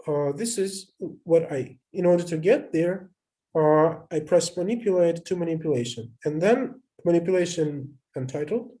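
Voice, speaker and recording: This instructor's voice is mellow and on the high side. Teaching a live online class with screen sharing via video call, he hesitates a lot, reasoning aloud and repeatedly restarting his sentences.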